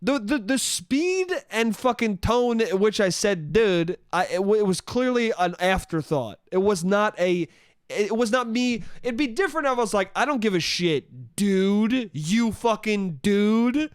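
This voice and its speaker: A young man hosting a solo podcast, telling a story in an animated, profane way and acting out the people in it. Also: high-pitched, moderate pace, smooth, no echo, studio quality. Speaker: podcast host.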